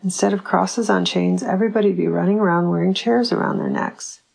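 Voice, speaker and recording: A woman reading a literary short story aloud in a dry, measured storytelling way. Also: on the low side, gravelly, a little mellow, slightly rough, low-quality recording. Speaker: audiobook reader.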